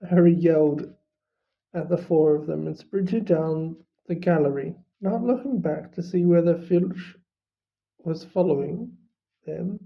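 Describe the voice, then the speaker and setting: Slow, measured storybook narrator. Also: medium pitch, gravelly. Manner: measured, unhurried reading. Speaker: audiobook reader. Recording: slightly muffled recording.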